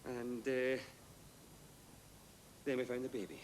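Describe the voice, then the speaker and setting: An actor playing a weary male police officer, telling of a crash in a halting, subdued way, with pauses. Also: mid-range voice, natural voice. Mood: haunted. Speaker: police officer in a public information ad. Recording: hissy old VHS tape.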